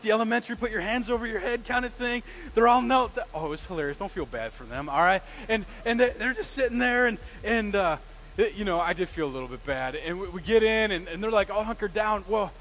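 A middle-aged preacher, his voice sitting a little high for a man. He tells a story to his congregation, acting out the quoted lines and swinging between soft and loud. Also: fast, low-quality recording. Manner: animated, acts out quoted lines with big swings in loudness. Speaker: pastor. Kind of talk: sermon storytelling.

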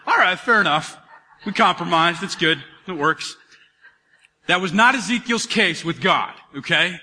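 A man in his thirties preaching a sermon to a congregation, animated and calling out to the crowd. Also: sits high, a little slow. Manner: animated, calls out to congregation, acts out dialogue. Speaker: pastor. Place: church hall. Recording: live hall recording with reverb.

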